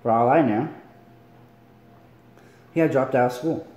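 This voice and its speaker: A man's voice: mid-range voice, a little slow, a little mellow, highs cut off. A tired man reading a novel aloud casually at home, often stumbling and correcting himself. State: tired, yawning. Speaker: amateur reader. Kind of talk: casual read-along of a novel. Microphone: phone. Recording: echoey room.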